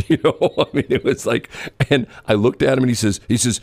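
A man's voice: fairly low pitch, big pitch swings, brisk, gravelly, no room sound. A middle-aged man co-hosting a talk show, rambling and joking, often repeating himself as he tells stories. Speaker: radio co-host. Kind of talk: casual banter on air.

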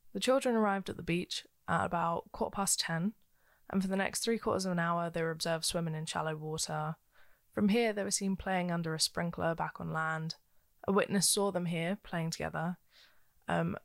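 A woman's voice: fairly low pitch, creaky. A woman co-hosting a podcast, telling a true-crime case in a casual, chatty way with frequent ums and likes. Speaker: podcast co-host.

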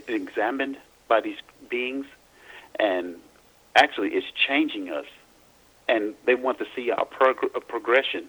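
A man from Louisiana, an interview guest, recounting personal experiences in a halting way, often repeating and restarting words. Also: on the low side, a bit bright, slightly rough, low-quality recording.

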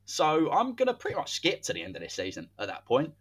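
A man's voice: on the high side, huge pitch swings, fast, a bit bright, slightly rough. A man, hosting a podcast and telling a football story in a casual, dramatic way. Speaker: podcast host.

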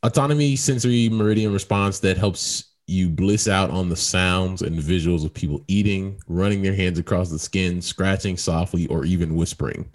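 A man's voice: low voice, normal speed, few pauses. A man co-hosting a podcast, chatting casually in an easygoing, laughing way. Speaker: podcast co-host. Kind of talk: casual chat.

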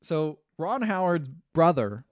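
Brief: jokey male podcaster, animated delivery, dry recording. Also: a little high, slow, no echo. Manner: animated, jokey, acts out movie lines. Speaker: podcast co-host. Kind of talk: casual movie chat.

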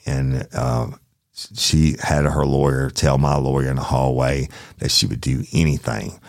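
Very deep gravelly-voiced man. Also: little pitch movement, measured pace. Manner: profane, blunt, acts out the other people in his stories. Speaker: police detective. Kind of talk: casual storytelling.

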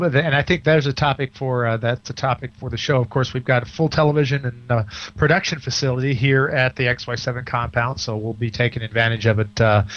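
A man's voice: mid-range voice, a bit bright. A middle-aged man hosting a casual talk radio show, speaking hesitantly with many fillers and restarts. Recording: slightly dull, lo-fi radio audio.

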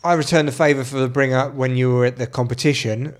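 An Englishman in his thirties co-hosts a podcast, telling stories quickly in a mid-range voice with a steady tone. The chat is casual, full of swearing and laughter.

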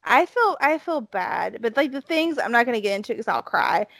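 A woman's voice: a little high, big pitch swings, a little fast, creaky, a bit bright, no echo. A woman with a Southern accent chatting casually as a podcast co-host, emphatic and full of restarts. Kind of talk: casual chat about wrestling.

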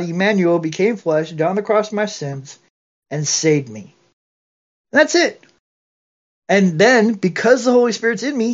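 A man's voice: high-pitched, dull audio. A man from Georgia, US, sharing earnestly in an online bible study, preachy and repetitive, with restarts.

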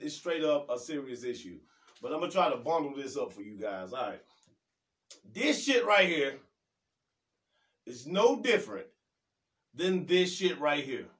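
A man's voice: a little high, a bit bright. A man hosting his own show, talking loosely and profanely over news clips, often restarting his sentences. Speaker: host. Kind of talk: casual commentary on news clips.

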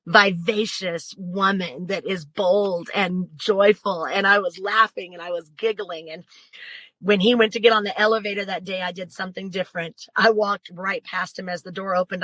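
A woman's voice: fairly low pitch, sharp tone, no echo, low-quality recording. A woman as an interview guest telling a personal story in an earnest, emphatic way.

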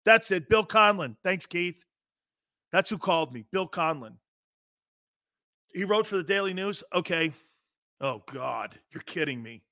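A middle-aged man hosting a sports talk show, talking loudly and excitably, rambling with many restarts. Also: high voice, a little slow, long pauses, no room sound, studio quality. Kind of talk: casual radio talk show chat.

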